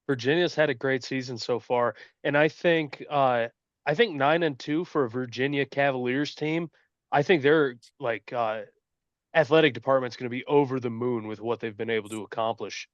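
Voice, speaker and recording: A man's voice: medium pitch, normal speed, no echo. A man on a podcast panel, answering in a hesitant way with many fillers. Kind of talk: casual podcast chat. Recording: dull, dry, slightly lo-fi sound.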